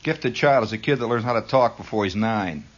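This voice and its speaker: A man's voice: fairly low pitch, a little fast. A male radio host delivering an improvised monologue in a wry, needling way, now and then slipping into mock voices. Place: radio studio. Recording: dull lo-fi 1960s radio recording.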